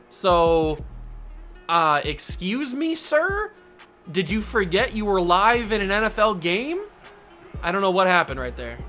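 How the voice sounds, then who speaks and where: A bright, high-voiced man calling his own football video game as it plays. He is animated and jokey, and he breaks into mock outrage, with faint music behind him. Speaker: gaming YouTuber host. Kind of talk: live gameplay commentary.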